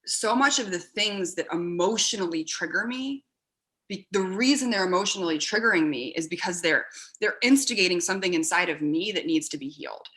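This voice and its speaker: A woman speaks as a guest on a conversational podcast, her voice bright and forward. She chats casually and animatedly, laughs often, and acts out little scenes from memory as she goes. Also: lowish voice, lively intonation, brisk. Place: podcast recording with her husband beside her.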